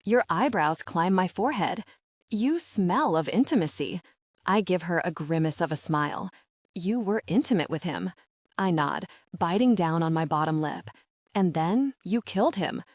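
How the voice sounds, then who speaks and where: A woman voicing an excitable, devoted young female friend, pitched well above her own voice, in an audiobook. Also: moderate pace, no echo, studio quality. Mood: probing.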